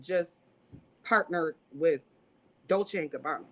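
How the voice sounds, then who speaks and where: A woman's voice: low voice, slow, lo-fi sound. A woman on a livestream talk show, giving blunt, profane advice in a preachy way.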